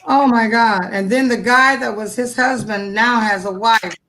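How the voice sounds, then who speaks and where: An American woman co-hosting a casual chat, lively and slangy, reacting and telling stories. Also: on the high side, moderate pace, poor audio. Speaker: co-host.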